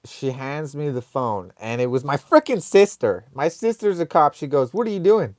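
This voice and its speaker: A man hosting a live online show, telling a comic story casually in a rambling, animated way full of fillers. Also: mid-range voice, moderate pace, dry recording, clean studio sound.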